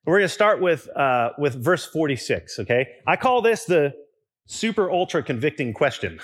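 A young man preaching a sermon in a relaxed, conversational way, with restarts and asides to the congregation. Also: on the high side, a little slow, pauses often, breathy edge. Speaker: pastor.

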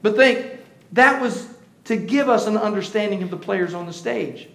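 A high-pitched male pastor delivers a sermon in a roomy, echoing church. He swings from quiet, hushed asides to loud, shouted declarations. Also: normal speed, vocal fry.

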